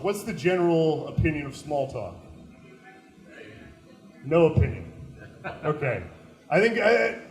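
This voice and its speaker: A young man doing a stand-up set, telling stories in a deadpan way and breaking into loud put-on voices. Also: fairly high pitch. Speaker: stand-up comedian. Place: small comedy venue. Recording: echoey room.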